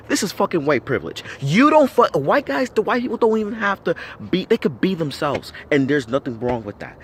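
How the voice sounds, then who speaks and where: A man's voice: sits high, a little hiss or hum. An American man giving a blunt, heavily profane rant to camera, firing off rhetorical questions and repeating himself for emphasis. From United States. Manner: blunt, swears constantly, argumentative. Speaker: vlogger.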